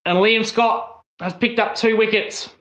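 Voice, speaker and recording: A fairly high-voiced Australian man from South Australia calls a cricket match live on his stream. He chats casually to viewers and his voice leaps up with excitement when a wicket falls. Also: a little slow. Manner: excitable, rises sharply on wickets. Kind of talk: casual live watchalong commentary.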